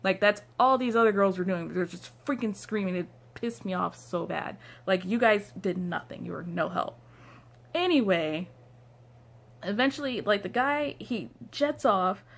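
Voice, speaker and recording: A woman's voice: medium pitch, lively intonation, normal speed, creaky. Rambling young woman telling a story. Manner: rambling, lots of "like" fillers. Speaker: vlogger. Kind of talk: casual storytime. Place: downstairs room at home. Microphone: phone.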